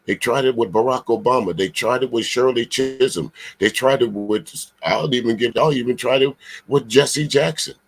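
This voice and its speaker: A man talks back at a clip in a casual reaction commentary. He is blunt and emphatic, swears freely, and keeps stumbling over drawn-out filler sounds between points. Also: medium pitch, a little hiss or hum. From Charleston, South Carolina.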